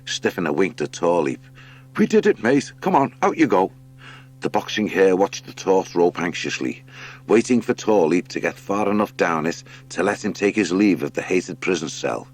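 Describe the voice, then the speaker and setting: A man reading a children's adventure audiobook as narrator, with expressive storytelling. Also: low voice, normal speed. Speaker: audiobook reader. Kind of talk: scripted narration.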